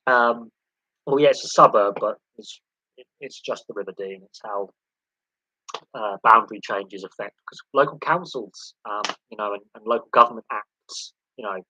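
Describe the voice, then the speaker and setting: A man hosting a casual live sports Q&A stream, rambling and repeating words, with a dark, jokey sense of humour. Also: lowish voice, normal speed, breathy edge, no echo, low-quality recording. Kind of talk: casual live-stream chat answering viewer questions.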